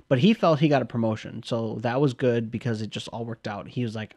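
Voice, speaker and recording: A man's voice: medium pitch, normal speed, darkish tone. A man from the Midwest co-hosting a podcast, rambling casually with lots of fillers and laughs. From Midwest US, Milwaukee. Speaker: podcast co-host.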